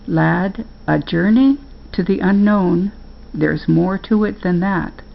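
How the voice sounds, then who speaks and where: An older woman voicing a calm, gentle old grandfather who speaks soothingly and patiently. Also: on the low side, slow pace, gravelly, highs cut off, full character voice.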